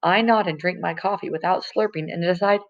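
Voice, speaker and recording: A woman's voice: fairly low pitch, fairly quick. A woman reading a novel chapter aloud in a casual, conversational way, in a dull lo-fi recording. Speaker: audiobook reader.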